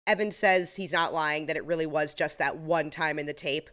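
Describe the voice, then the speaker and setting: Woman co-host, somewhat low pitch, loose filler-heavy recap chat. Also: fairly even intonation, normal speed, a bit bright. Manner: chatty, filler-heavy retelling with laughs. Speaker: podcast co-host.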